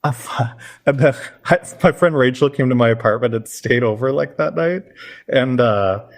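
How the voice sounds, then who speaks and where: A man co-hosting a casual podcast, telling a wild story with loose, profane energy. He keeps an ordinary pitch but leaps far up for the voices of the people he quotes. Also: moderate pace. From lived in Minneapolis. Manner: animated, swooping into high voices for quoted people. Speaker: podcast co-host.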